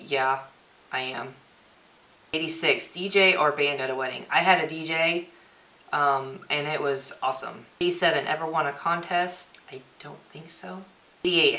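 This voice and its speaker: A woman's voice: sits low, pushed and bright. A young woman vlogger chatting through a question-and-answer tag video, reading each question aloud and answering offhand. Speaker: beauty vlogger. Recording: echoey room.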